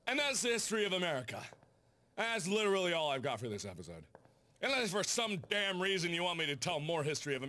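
A man's voice: high-pitched, very animated, fast, sharp tone, a little hiss or hum. A man doing comedic gameplay commentary, ranting and swearing with sudden outbursts. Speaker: gaming youtuber.

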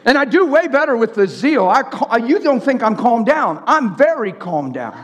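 A male preacher delivering a fervent, excitable sermon, swinging between shouting and hushed tones. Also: very high-pitched, moderate pace, slight background noise. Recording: reverberant hall.

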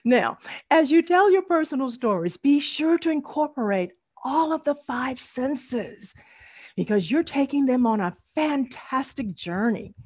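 Animated woman teaching a storytelling workshop. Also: sits high, no room sound. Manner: animated, teacherly, drawn-out emphasis. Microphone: video call.

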